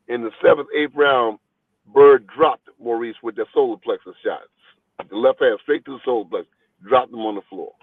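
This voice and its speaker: A boxing trainer telling stories in a phone interview, talking in an animated, rambling way and repeating his words. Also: medium pitch, moderate pace, breathy edge, no echo. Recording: tinny phone line, dry.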